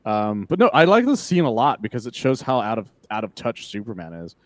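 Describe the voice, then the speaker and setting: A man talking casually on a podcast in a dry, close sound. He is animated and loose, swears freely and acts out bits of dialogue between laughs. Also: medium pitch, a little fast, no echo. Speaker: podcast co-host. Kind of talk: casual comic book discussion.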